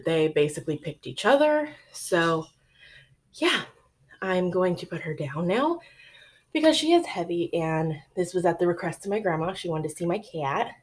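A woman's voice: lowish voice, slightly rough. Woman in her thirties, casual podcast host, chatty, rambling, lots of ums, slightly breathless. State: a little out of breath. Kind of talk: casual chat. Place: at home.

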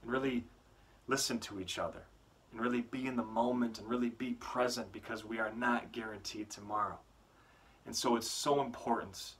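A man, a youth motivational speaker, giving a weekly faith talk to students with animated, earnest storytelling. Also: medium pitch, moderate pace.

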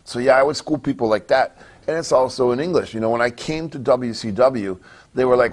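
A man's voice: mid-range voice, a little fast. A man from Canada, a wrestler guest, talking bluntly in a casual interview, swearing constantly and often restarting his sentences. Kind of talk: casual profane interview talk.

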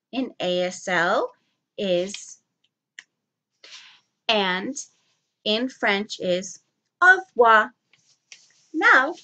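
A young woman teaching young children, speaking clearly and prompting them to repeat words after her. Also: mid-range voice, sharp tone. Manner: enunciates slowly, prompting kids to repeat.

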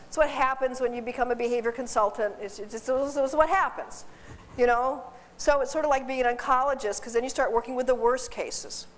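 A high-pitched woman lecturing in an informal, chatty style, often laughing and tripping over repeated words. Her voice carries in a long, echoing hall, as if recorded from the back of a lecture room. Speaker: dog behavior consultant. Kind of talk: informal seminar talk. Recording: distant voice in a reverberant hall.

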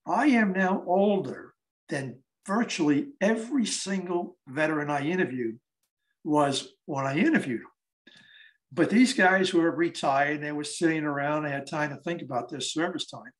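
A man in his eighties tells stories as a guest speaker at a library event. His voice sits a little high. He talks conversationally and acts out the dialogue as he goes. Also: moderate pace, rough recording. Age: 80s. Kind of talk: storytelling talk.

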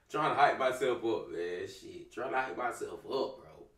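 A young man doing casual let's-play commentary, cursing often, hyping himself up and getting jumpy and loud. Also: lowish voice, lively intonation, moderate pace, roomy sound, distant mic. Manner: profane, hypes himself up, gets jumpy and loud. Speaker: gaming streamer.

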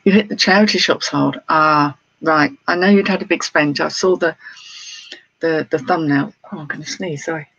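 A British man, an online reseller, chats casually in a vlog, showing off his sales and greeting viewers self-deprecatingly. His voice is a little high, creaky, bright and forceful with a breathy edge, at normal speed, recorded without echo in slightly dull lo-fi sound with faint noise.

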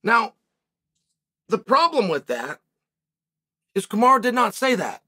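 A man's voice: high voice, sing-song, a little slow, pushed and bright, husky. A man hosting an opinionated commentary monologue, speaking in an emphatic, argumentative way with sarcastic asides. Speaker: host.

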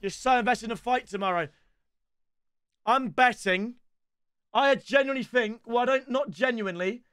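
An excitable young man streaming a football game, his voice sitting notably high. He chats loosely with viewers in slangy banter and breaks into loud shouts when things go his way. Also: moderate pace, pauses often, clean tone, no echo. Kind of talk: live gameplay commentary.

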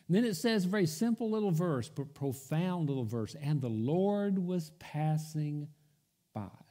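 A man's voice: a little high, animated, moderate pace, dark tone. A man preaching a sermon, telling the story in a storytelling manner, acting out the quoted voices and dropping almost to a whisper for emphasis. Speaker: pastor. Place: church.

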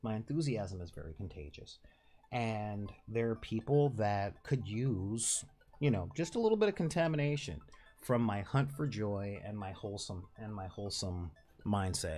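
A man's voice: on the low side, animated, moderate pace, a little mellow. A man with a nasal voice hosting his own channel, talking casually and rambling with laughs and restarts. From Southern California. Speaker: channel host. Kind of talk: casual direct-to-camera talk.

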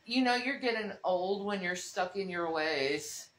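A woman's voice: mid-range voice, animated, measured pace, fairly bright tone. A woman co-hosting a casual livestream in a sleepy, laid-back way. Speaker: livestream co-host. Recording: echoey room.

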